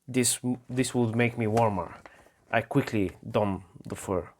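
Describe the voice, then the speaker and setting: A man with a fairly low voice narrates his own solo tabletop adventure, describing dice rolls and actions in an unhurried, halting way with frequent restarts. There's slight background noise.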